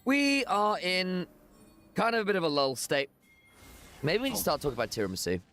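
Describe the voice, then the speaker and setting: Lively esports caster, game music. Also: male voice, sits high. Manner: excitable, jokey, rapid shifts from chatty to shouting. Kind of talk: live play-by-play commentary.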